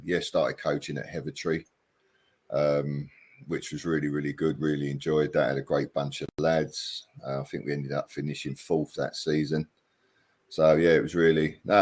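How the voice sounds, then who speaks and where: A middle-aged man from England, a former footballer chatting in an interview, hesitant and self-deprecating with many pauses and ums. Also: extremely low pitch, darkish tone, slightly rough. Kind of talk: casual interview chat.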